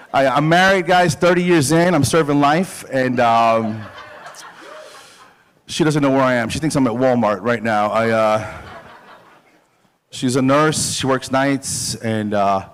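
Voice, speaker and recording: A middle-aged man telling jokes in a stand-up set, poking fun at himself. His delivery is loose and halting, full of fillers, restarts and his own chuckles. His voice sits at an ordinary male pitch. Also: clear, resonant tone. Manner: self-deprecating, jokey, halting with fillers and laughs. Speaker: dental hygienist doing stand-up.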